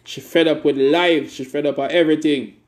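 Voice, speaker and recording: A man's voice: a little high, steady tone, brisk. A man, hosting a live stream and performing spoken word poetry with a rhythmic, emphatic delivery.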